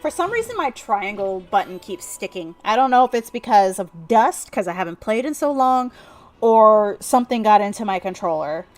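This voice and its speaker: A woman's voice: mid-range voice, big pitch swings, normal speed, soft background music. A woman streamer giving casual, rambling gameplay commentary full of fillers. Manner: chatty, rambling, with many fillers.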